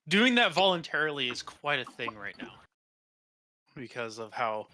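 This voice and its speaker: A man narrates a tabletop game as game master, his voice very bright and sharp at a middle pitch. He talks haltingly, trailing into fillers and restarting his sentences as he describes the scene. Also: slight background noise.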